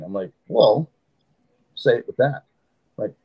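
A man's voice: fairly low pitch, moderate pace, gravelly, long pauses, breathy edge, highs cut off. A man hosting a podcast, explaining history at length in a casual studio chat. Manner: explains at length, lively storyteller. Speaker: podcast host.

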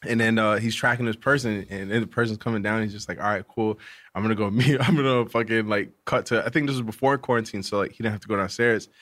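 Man, mid pitch, dry close sound, chatty storyteller who quotes dialogue. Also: quick pace, few pauses, no echo. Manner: animated retelling with quoted dialogue and swearing. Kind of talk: casual storytelling chat.

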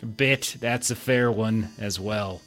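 A man voicing a smooth-talking male crime boss who calmly tries to soothe a tense room with a slow, falsely friendly manner. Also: lowish voice, faint music behind.

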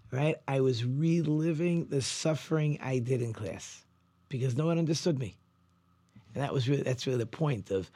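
A man's voice: medium pitch, darkish tone, husky, no echo. Rambling middle-aged man hosting a talk show. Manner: conversational, loose storytelling with many ums and restarts. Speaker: rabbi and show host. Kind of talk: casual radio talk.

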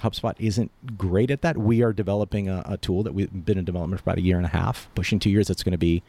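Low gravelly guy talking fast on a podcast, keeps saying right?. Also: no echo. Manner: fast, animated explaining with frequent "right?" tags. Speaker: guest SEO expert. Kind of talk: casual podcast talk.

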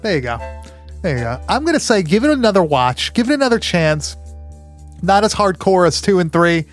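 A man's voice: high voice, sing-song, fairly quick, soft background music. A man co-hosting a casual podcast chat about movies, laid-back and swearing freely with lots of fillers. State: hiccups. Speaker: podcast co-host.

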